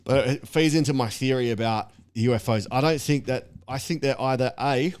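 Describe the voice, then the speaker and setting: A man co-hosting a podcast, telling road stories in casual chat, animated and swearing freely. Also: moderate pace, clear, resonant tone. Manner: animated storyteller, swears freely, mimics people in high voices. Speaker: podcast co-host.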